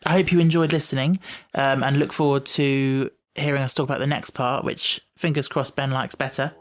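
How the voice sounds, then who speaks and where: A man's voice: mid-range voice, little pitch movement. Chatty man hosting a podcast. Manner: chatty, self-doubting, quick to explain himself. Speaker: podcast host. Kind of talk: casual chat.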